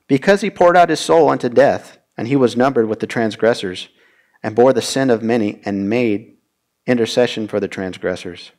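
A man teaching a verse-by-verse Bible study, reading scripture aloud and explaining it in a measured, plain way. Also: medium pitch.

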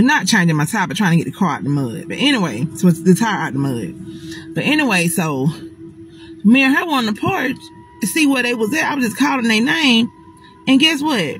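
A woman telling a personal story straight to her audience in a casual storytime monologue, animated and dramatic, swearing often. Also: mid-range voice, low-quality recording.

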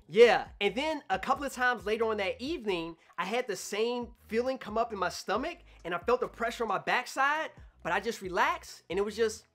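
A man telling a personal story to camera in an animated way, acting out his own past thoughts. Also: very high-pitched. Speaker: vlogger.

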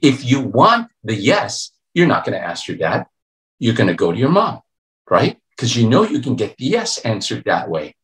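A pastor preaching a youth revival sermon, telling a story and acting out its voices, playful and joking. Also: male voice, mid-range voice, wildly swooping pitch, normal speed. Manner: storytelling preacher, acts out voices and swings between hushed and loud; playful, calls himself a joker. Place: church sanctuary. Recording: echoey church room.

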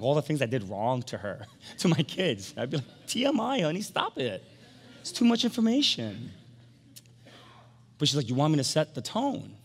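A middle-aged man preaching a sermon as pastor, animated, swinging from emphatic peaks down to soft, quiet storytelling. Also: mid-range voice. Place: large church sanctuary. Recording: long hall reverb from a church sanctuary.

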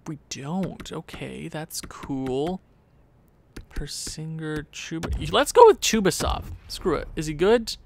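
A man giving casual commentary on a sports video game, animated, talking to himself and often jumping into a high, squeaky voice. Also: slow, vocal fry, a little hiss or hum. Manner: animated, jumps into high squeaky voice when excited or pleading; talks to himself, muttering low. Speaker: gaming YouTuber.

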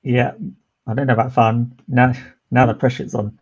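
A British man who is a guest writer, chatting in a hesitant, low-key way. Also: level tone, normal speed, slightly rough, muffled recording. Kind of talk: casual chat among writers.

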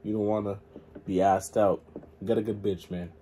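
A man's voice: lowish voice, flat delivery, normal speed, warm tone, slight background noise. A man hosting a reaction video, talking in casual, emphatic slang. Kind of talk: reaction commentary.

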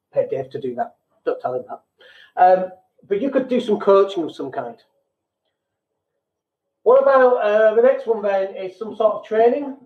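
A British man hosting a business podcast, talking bluntly and casually and poking fun at himself. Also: high voice. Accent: British English. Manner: blunt, self-deprecating, acts out quoted people. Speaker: podcast host. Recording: echoey room, tinny phone-like sound.

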